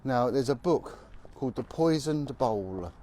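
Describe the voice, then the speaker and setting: A former police officer walks down a city street, telling stories bluntly and with emphasis in a vlog monologue. His mid-range voice is expressive and warm, his pace measured, with slight background noise.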